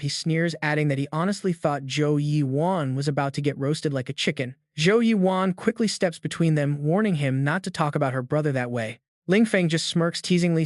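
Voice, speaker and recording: A man giving scripted narration of a story recap in an even, dramatic storytelling delivery. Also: on the high side, dry recording, studio quality.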